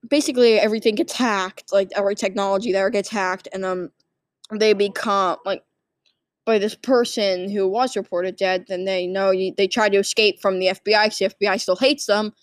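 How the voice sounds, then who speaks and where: A woman's voice: mid-range voice, steady tone, moderate pace, dry recording. A sleepy woman casually rambling through a movie plot summary, full of fillers and restarts. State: sleepy, yawning. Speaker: movie recap vlogger.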